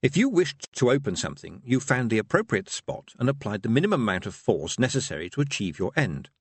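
Expressive male audiobook narrator, dry sound. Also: medium pitch, a little fast, husky, no room sound. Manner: wry and expressive. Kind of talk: scripted narration.

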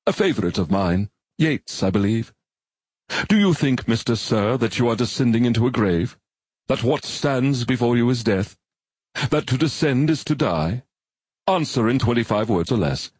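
A man's voice: medium pitch, lively intonation, normal speed, a little mellow, slightly rough, no room sound, voice pushed up. A man voicing a formal, pedantic male robot that speaks in a stilted, precise way.

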